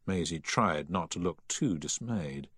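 Deep, husky male storyteller. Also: animated, unhurried, fairly bright tone, no room sound, studio quality. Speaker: audiobook reader. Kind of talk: scripted story narration.

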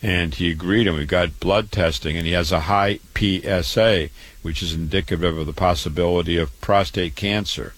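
Man, very low voice, doctor pitching his clinic, repetitive, long lists. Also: steady tone, normal speed, a bit bright, no echo. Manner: repetitive, listing. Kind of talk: promotional health talk.

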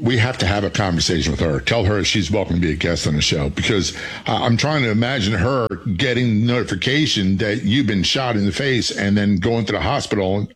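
Low husky-voiced male host. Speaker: podcast host. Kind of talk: interview conversation.

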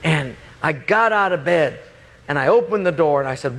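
A middle-aged man preaching a sermon, telling a personal story with animated delivery and sudden loud bursts. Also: a little high, normal speed, creaky, slight background noise. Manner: animated, raises voice sharply for quoted speech. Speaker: pastor.

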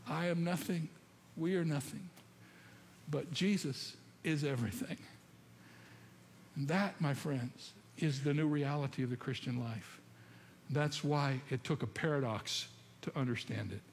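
A man with a fairly high voice preaches a sermon, telling stories and often posing questions to his congregation. The recording has a long hall reverb, faint ambience, and slight background noise.

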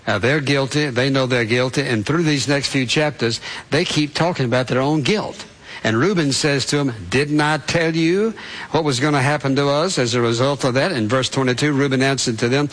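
A male preacher giving a sermon at an ordinary, mid-range pitch. He retells the scripture story in plain words and asks listeners to picture it as parents and as children. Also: moderate pace, fairly bright tone, poor audio.

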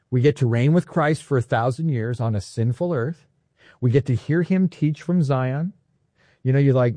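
A man preaching with an animated, playful energy, his voice warm and mellow. The sound is close and dry, with no room around it. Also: medium pitch, no echo. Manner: animated, playful, excitable teaching. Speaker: pastor. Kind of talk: sermon.

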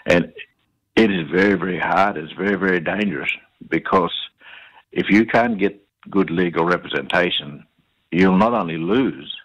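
An Australian man recounts his experiences in a low voice with a husky grain. He talks haltingly, full of fillers and repeated words. The recording sounds dull and lo-fi. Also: fairly bright tone. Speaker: interview guest. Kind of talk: conversational storytelling.

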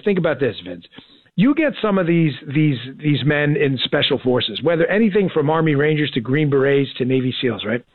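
A man in his forties, a former Secret Service agent, talking excitedly in a casual radio interview and rambling with many restarts. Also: a little high, no echo. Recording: tinny phone-line audio.

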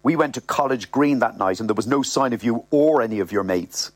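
Indignant young woman, sharp and accusing, read out by a man, dry close sound. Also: mid-range voice, fairly quick, no echo, natural voice.

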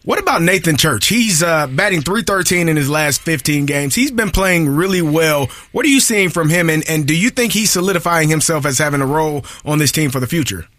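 A man's voice: on the high side, animated, a little fast, hardly any pauses, fairly bright tone, no echo. A man hosting sports radio, setting up a question for a guest.

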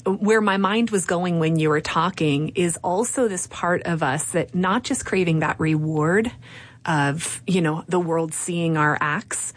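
Female interviewer, lowish voice, affirming, thinks aloud. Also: unhurried. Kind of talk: conversational interview.

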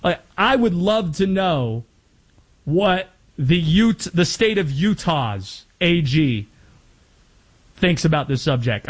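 Young guy from north carolina talking sports on radio, fairly high voice, lively and joking. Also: slow pace, breathy edge. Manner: animated, wry, drifts into asides. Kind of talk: casual sports talk.

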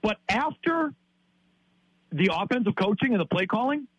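A man's voice: high-pitched, big pitch swings, moderate pace, fairly bright tone, breathy edge, no echo, poor audio. Exasperated ranting man in his fifties. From Wisconsin, US. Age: 50s. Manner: ranting, exasperated, repeats himself. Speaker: sports talk guest. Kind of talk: heated sports talk.

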